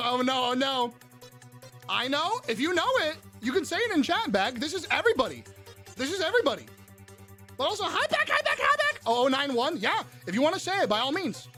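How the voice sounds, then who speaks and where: A woman hosting a live-stream trivia game in a wildly animated voice that swoops up and down. She is excitable and foul-mouthed, bursting into shouts and high squeals, with faint music playing behind her. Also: fairly quick.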